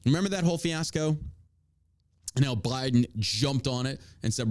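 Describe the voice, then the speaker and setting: A man's voice: medium pitch, lively intonation, moderate pace, a little mellow, no room sound, clean studio sound. A man hosting a show, delivering profane, combative and mocking political commentary. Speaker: podcast host.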